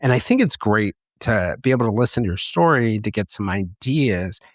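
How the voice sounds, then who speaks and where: Male podcast host, lowish voice, reflective, explains stuff, dry sound. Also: expressive, normal speed, no room sound. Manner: thoughtful, explains concepts at length. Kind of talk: reflective interview talk.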